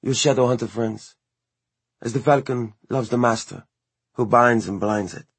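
A man's voice: medium pitch, moderate pace, breathy edge, no room sound. A man voicing a cold, scheming woman in an audiobook reading, with a silky, taunting delivery.

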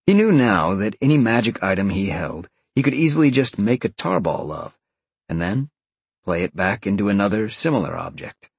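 A man's voice: on the low side, sing-song, normal speed, creaky, husky, dry recording. A man reading a fantasy novel aloud as an audiobook narrator, telling the story expressively. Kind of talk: scripted narration.

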